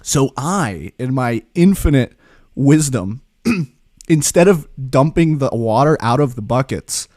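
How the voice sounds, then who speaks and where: A man hosting a podcast, telling a casual story in an animated, laughing and profane way. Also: mid-range voice, a little slow, no room sound, clean studio sound. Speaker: podcast host.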